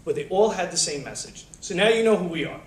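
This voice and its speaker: A man on a panel, telling religious stories to an audience in a lively, slangy way and acting out the quotes, recorded in a college lecture hall. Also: high voice, fast. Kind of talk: casual religious storytelling to an audience. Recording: echoey hall, distant mic, faint hum.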